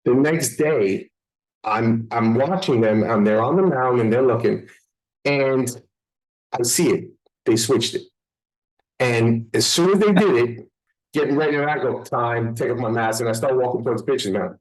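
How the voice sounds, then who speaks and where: A man hosting a casual podcast conversation, an animated storyteller telling umpire stories. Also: normal speed, poor audio. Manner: animated storyteller, voices get higher when quoting people. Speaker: podcast host.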